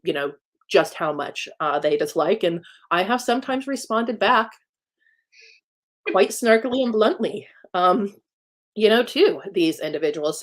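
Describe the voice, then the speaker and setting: A woman in a casual live-stream chat who talks fast, chats freely and wanders off topic. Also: on the low side. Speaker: YouTuber and teacher.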